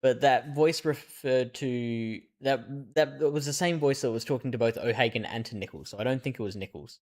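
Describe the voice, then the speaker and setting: Male streamer with a mid-pitched voice, casual live commentary while he reasons through a puzzle. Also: moderate pace. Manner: thinking aloud, reasoning through clues.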